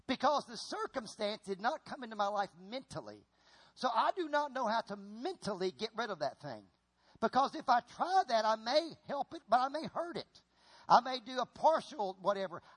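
A middle-aged man preaching a sermon in an animated way, repeating his phrases and calling on the congregation to answer. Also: sits high, normal speed. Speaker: pastor.

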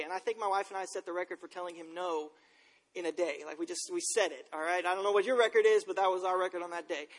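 High-voiced man preaching in a big echoey hall. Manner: conversational, self-deprecating storytelling. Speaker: pastor. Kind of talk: sermon. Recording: long reverb in a large room.

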